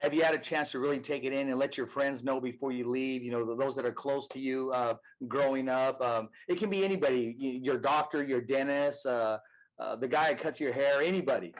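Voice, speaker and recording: A man's voice: medium pitch, low-quality recording. Encouraging male podcast host. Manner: encouraging, halting questions. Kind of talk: interview questions.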